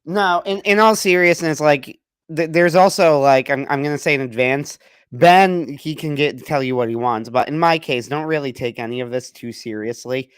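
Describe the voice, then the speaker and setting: A man's voice: fairly high pitch, moderate pace, clear, resonant tone, dry recording. A man co-hosting a podcast, ranting in a rambling, joking, casual way. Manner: rambling, animated, self-deprecating joker. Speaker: podcast co-host.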